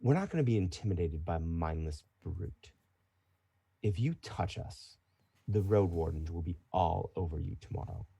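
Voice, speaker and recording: A man voicing a cold, dismissive woman traveler in a tabletop game, speaking low and hushed. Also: moderate pace, gravelly, hardly any pauses, no room sound. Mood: hostile.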